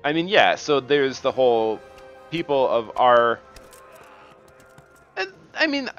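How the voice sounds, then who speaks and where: A man chatting casually while he plays a game, his speech halting and full of restarts, breaking into curses at the screen. His pitch swings widely. The recording is a little muffled, with faint game music underneath. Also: wildly swooping pitch, fairly bright tone, smooth. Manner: rambling, halting, many restarts; swears in bursts at the game. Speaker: gaming video host.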